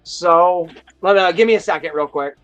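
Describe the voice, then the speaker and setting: A man hosting a casual live stream, chatting in a rambling, excitable storytelling way. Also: high voice, moderate pace, muffled recording, soft background music. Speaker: host of a toy chat live stream. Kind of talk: casual chat.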